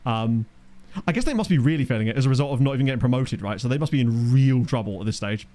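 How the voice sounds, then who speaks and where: A man's voice: mid-range voice, lively intonation, fast, warm tone. A man talks through a football management game on a live stream, rambling and cracking jokes at his chat. His voice sits in a middle register but swings up and down a lot as he reacts. He speaks into a desk microphone. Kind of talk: casual live-stream commentary.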